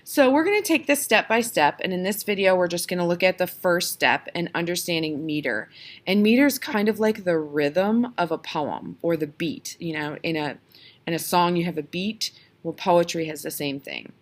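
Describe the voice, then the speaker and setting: A woman's voice: on the low side, lively intonation, moderate pace. A woman teaching a lesson on video, patiently explaining step by step and sounding out spoken examples.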